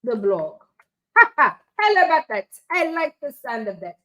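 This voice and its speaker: Chatty high-voiced woman tutorial host. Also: big pitch swings, a little slow, fairly bright tone. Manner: chatty, thinks aloud, laughs at own jokes. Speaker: life coach and tech tutorial host. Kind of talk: casual screen-share tutorial.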